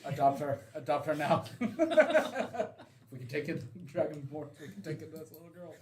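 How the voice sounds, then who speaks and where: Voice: mid-range voice, lively intonation, normal speed, darkish tone. A player joking and swearing during a tabletop game session. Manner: joking, profane. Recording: echoey room with crowd noise.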